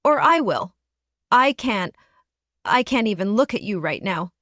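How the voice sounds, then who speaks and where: A woman's voice: medium pitch, big pitch swings, unhurried, a bit bright, no echo, clean studio sound. A woman voicing a hurt young man confronting his partner, icy, controlled and bitter.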